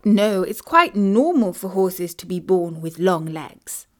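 A woman voicing a calm, wise older great-aunt in a storybook, speaking gently and knowingly. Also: on the low side, unhurried. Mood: calm explaining.

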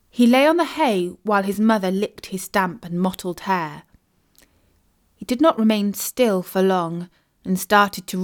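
A woman reading a children's story aloud, gentle and expressive. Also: mid-range voice. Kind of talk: storybook narration read aloud.

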